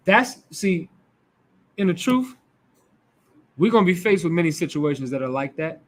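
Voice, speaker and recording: Animated man teaching a Bible class. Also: fairly high pitch, moderate pace, pauses often, a little hiss or hum. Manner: animated, acts out quoted voices.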